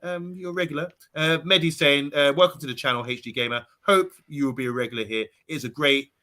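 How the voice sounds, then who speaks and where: A man hosting a live stream, chatty, reading viewer messages aloud and trailing off softly. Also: medium pitch, brisk. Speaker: stream host reading chat.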